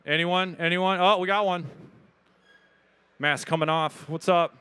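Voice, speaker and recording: This is a man, giving a live talk at an expo and fielding questions from the crowd. His voice sits high, bright and very clear. He talks casually and with lots of energy, cracking jokes. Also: fairly even intonation, a little slow. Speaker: speaker answering audience questions. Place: event hall with audience.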